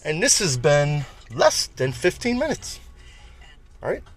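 A man's voice: fairly high pitch, sing-song, unhurried, soft background music. A man hosting a casual, uplifting message for his listeners, chatty and repetitive, often laughing at his own jokes. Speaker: podcast host.

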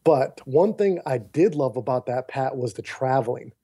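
A man's voice: mid-range voice, normal speed, breathy edge. A man, a podcast guest, telling a personal story in conversation. He acts out the voices of others in his dialogue and often turns to the host by name. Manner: animated storyteller who acts out quoted dialogue; often addresses the host by name mid-sentence. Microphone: remote call.

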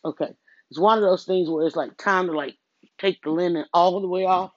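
A middle-aged woman talks casually and rambles while doing chores, going from room to room at home. She interrupts herself often and acts out her thoughts as quoted self-talk. Her lowish voice is brisk, and the headset recording is dry and muffled.

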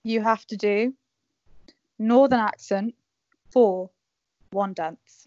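A woman hosts a casual podcast game, bossy and teasing. Her voice sits at a medium pitch. The sound is dry and close, but dull and lo-fi. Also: takes it slowly, a little mellow, no room sound. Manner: bossy, teasing, cheering others on. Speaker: podcast host running a game.

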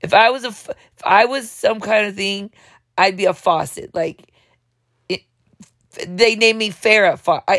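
Woman host, gravelly, dry close sound, dramatic rambling comic monologue. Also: mid-range voice, a bit bright, no echo. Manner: dramatic, over the top; talks fast, jumps between thoughts. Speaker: show host.

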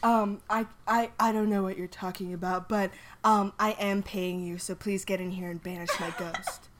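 A woman voicing a haggard, tired young man who hides his feelings and talks in a halting, defensive way. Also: medium pitch, little pitch movement, fairly bright tone, natural voice. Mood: flustered.

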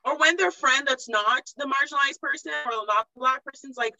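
High, bright, incredulous woman. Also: a little fast, rough recording. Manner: animated and incredulous, quoting people with disbelief. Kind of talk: casual podcast chat.

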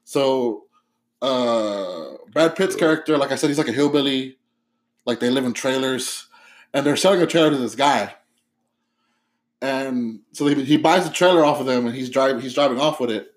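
A man's voice: medium pitch, moderate pace. A man in casual, profane podcast chat, animatedly retelling movie scenes and laughing as he goes. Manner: animated, swears constantly, laughs while putting on British gangster voices. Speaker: podcast co-host.

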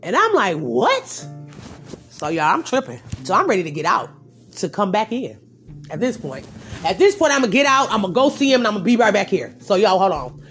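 A young adult woman casually telling a story to her viewers, with lively swings from loud outbursts to low asides. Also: fast talker, faint music behind. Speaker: storyteller vlogger.

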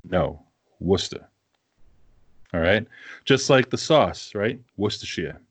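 A man with a New England accent chats casually on a podcast, blunt and teasing, and he swears freely. His voice sits fairly low. The recording is dry and close. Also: lively intonation, unhurried, no echo. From Massachusetts, New England. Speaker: podcast co-host. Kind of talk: casual chat.

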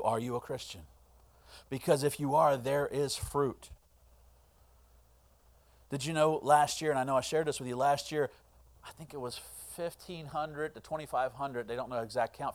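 A middle-aged pastor with a fairly high-pitched voice delivers a sermon. He swings between hushed, earnest lines and loud, impassioned ones.

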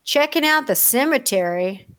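A middle-aged woman in casual talk, telling stories with big swings of pitch and acting out every voice in them. The sound is dry and close, with no room around it. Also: moderate pace, no room sound. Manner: animated storyteller, acts out quoted voices, laughs often. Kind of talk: casual chat.

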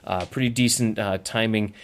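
A man's voice: lowish voice, steady tone, moderate pace. A man hosting a casual solo audio blog, talking off the cuff with lots of fillers and restarts. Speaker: podcast host. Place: lives abroad as an expat.

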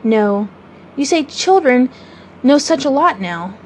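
Storybook boy who won't grow up: passionate, cocky, lightly high-pitched, read by a woman. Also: sing-song, takes it slowly, slight background noise, exaggerated voice. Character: eager boastful boy who never grows up.

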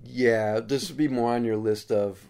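A man's voice: medium pitch, steady tone, moderate pace, a little mellow. A man hosting a casual movie review chat, speaking in a dry, critical way, often stammering and restarting. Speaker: podcast host.

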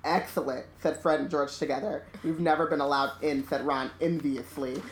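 A low-pitched woman talks in a relaxed, chatty way about a book, leaning on "like" and blunt jokes. Her voice sounds roomy, with echo around it. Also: moderate pace, slight background noise. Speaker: podcast co-host. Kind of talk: casual book discussion.

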